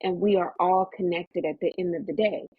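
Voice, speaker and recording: Animated woman on a tinny remote line. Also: fairly quick, husky, no room sound. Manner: animated storyteller, acts out quotes in a higher voice. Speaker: actress, podcast guest. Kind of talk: casual storytelling interview.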